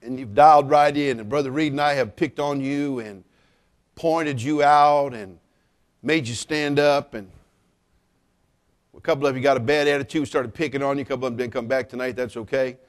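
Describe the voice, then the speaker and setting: A middle-aged man preaching at a church service, teasing the congregation with jokes and rising to loud exclamations. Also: medium pitch, steady tone, normal speed. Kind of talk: sermon with humorous asides.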